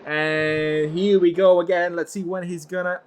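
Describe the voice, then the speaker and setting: Excitable high-voiced male race commentator. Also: unhurried, clear, resonant tone. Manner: excitable, voice climbs when cars crash. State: losing his voice. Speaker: lead commentator. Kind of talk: sim racing commentary.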